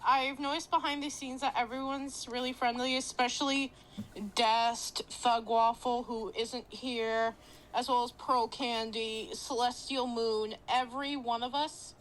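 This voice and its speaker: A woman's voice: fairly high pitch, flat delivery, a little slow, fairly bright tone, a little hiss or hum, low-quality recording. A woman guest fighting back tears as she gives heartfelt thanks, gushing and swearing now and then. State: close to tears. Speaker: moderator guest. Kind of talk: emotional podcast chat.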